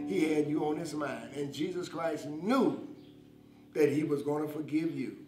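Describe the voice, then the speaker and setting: In a slightly high voice and at a measured pace, this preacher stresses his sermon fervently and keeps calling out to those listening. Guitar music sounds behind him in an echoey room.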